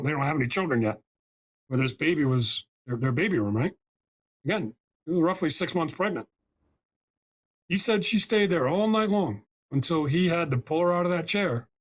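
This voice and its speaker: With a voice on the high side, an American spiritual healer narrates a story as a podcast guest. He's emphatic and often checks in with "right?" and "okay?".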